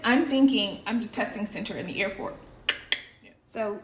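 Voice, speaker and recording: A woman's voice: fairly high pitch, moderate pace, reverberant, background noise. A woman in her thirties from the United States, casually telling a story to her viewers and acting out her own panicked moments. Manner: animated, breathless retelling, acts out her own panicked shouts.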